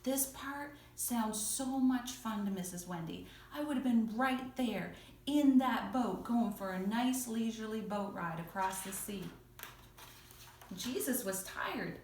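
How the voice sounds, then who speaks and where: Slow, expressive woman telling kids a Bible story. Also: fairly high pitch. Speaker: children's church teacher. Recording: echoey room from a distance.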